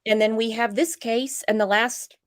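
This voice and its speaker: A woman's voice: a little high, moderate pace. A woman hosting a true crime livestream, chatting casually with a guest and reading out viewer comments. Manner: animated, reads out viewer comments.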